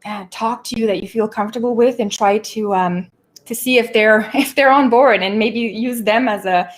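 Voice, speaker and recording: A woman with a fairly high voice hosts a casual livestream from her home. She talks in an animated, exasperated rush, laughing now and then and pausing to catch her breath. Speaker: show host.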